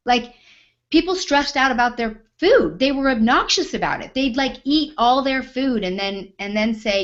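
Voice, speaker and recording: A woman host and business coach, telling a personal story in an emphatic, animated way with mild swearing for emphasis. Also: a little high, normal speed, lo-fi sound.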